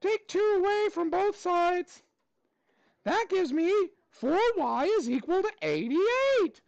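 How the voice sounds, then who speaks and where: A cheerful, squeaky cartoon mouse in class, high and bright in falsetto. He bounces upbeat through the lesson with lively swoops of pitch. The sound is close and dry. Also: takes it slowly, creaky, no room sound, dull audio, full character voice. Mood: cheery. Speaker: math teacher.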